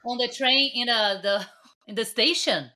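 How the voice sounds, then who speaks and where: A woman's voice: on the high side, unhurried, sharp tone. A woman podcast co-host in casual chat, mostly reacting and asking follow-up questions. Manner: reacts with short backchannels and questions.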